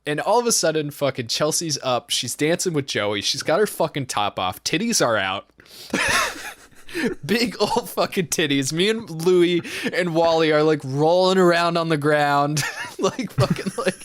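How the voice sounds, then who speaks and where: A man's voice: a little high, huge pitch swings, unhurried, fairly bright tone, no echo, studio quality. A young man co-hosting a podcast, telling a rambling, profane story and laughing often as he goes. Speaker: podcast co-host. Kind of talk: casual storytelling chat.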